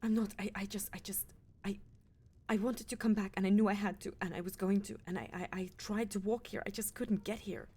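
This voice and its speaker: A woman's voice: mid-range voice, fairly even intonation, fast, hardly any pauses, darkish tone. A woman speaking in character as a town leader in a roleplay, hesitant and stammering, often trailing off.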